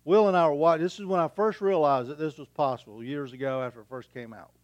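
Folksy middle-aged pastor, slightly high voice. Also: male voice, quick pace, dry recording, lo-fi sound. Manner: folksy and conversational, with homespun humour and rhetorical questions. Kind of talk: sermon.

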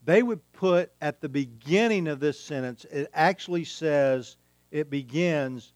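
A man's voice: fairly high pitch, a little slow, no echo. A man preaching a sermon, emphatic and repeating his key phrases. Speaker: pastor.

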